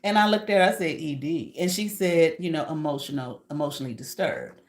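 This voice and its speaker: A woman and content creator telling casual stories to her live viewers, animated and profane, with frequent asides and laughs. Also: deep voice, a little fast, slight background noise. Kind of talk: casual storytelling to a live audience.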